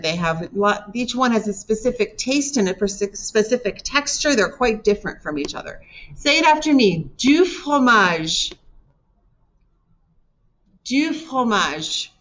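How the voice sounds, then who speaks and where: Lively woman teaching French vocabulary. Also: medium pitch, a little hiss or hum. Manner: clear, slow modeling of words, lively teacherly prompts. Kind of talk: recorded classroom lesson, repeat-after-me drills. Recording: dull lo-fi recording.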